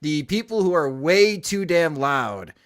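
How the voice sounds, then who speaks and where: A man's voice: on the high side, animated, a little slow. A man hosting a podcast, asking his guest questions in a casual, friendly way and laughing along. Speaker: podcast host. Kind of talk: casual chat.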